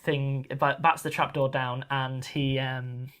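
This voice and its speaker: A man's voice: medium pitch, little pitch movement, slow, fairly bright tone, clear, resonant tone. Rambling man as game master. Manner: chatty, rambling, many fillers. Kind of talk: narrating a tabletop game.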